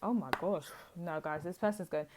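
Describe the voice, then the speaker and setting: A young woman giving a casual tarot reading, chatty and blunt with animated asides. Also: fairly low pitch, normal speed, noisy background. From United Kingdom. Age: young adult. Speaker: tarot reader.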